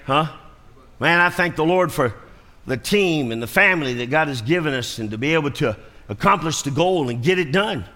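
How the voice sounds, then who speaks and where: Animated preacher in a reverberant church. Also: male voice, fairly high pitch, moderate pace. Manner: animated storytelling, acting out voices. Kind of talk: sermon. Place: church sanctuary.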